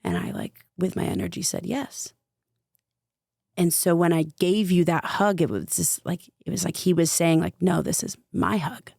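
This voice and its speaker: A woman's voice: fairly low pitch, fairly even intonation, moderate pace, vocal fry, a little mellow, no echo, clean studio sound. A young adult woman, a spiritual coach guesting on a podcast, telling a personal story in a casual, chatty way full of fillers. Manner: chatty, fillers of "like", vivid retelling.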